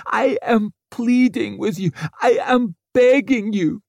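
A man's voice: extremely high pitch, slow pace, creaky, darkish tone, no echo, pitched above the performer's own voice, exaggerated voice. A man voicing a weak, snivelling male prisoner who babbles and pleads for mercy. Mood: begging.

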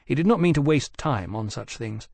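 Brief: male narrator, mid-pitched, steady measured read, very dry booth sound. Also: creaky, no echo. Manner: measured, even storytelling. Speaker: audiobook narrator. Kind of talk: scripted narration.

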